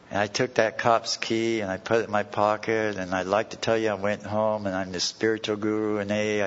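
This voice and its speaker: Telling his own story to a recovery meeting audience, a man from California uses blunt, folksy language and plain slang in a fairly low voice. Background noise runs under a dull old tape with long hall reverb.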